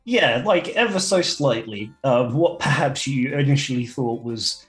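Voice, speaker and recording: A man's voice: mid-range voice, lively intonation, a little slow, faint music behind. A man narrating as dungeon master in a chatty, amused way with many fillers. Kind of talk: casual tabletop game narration.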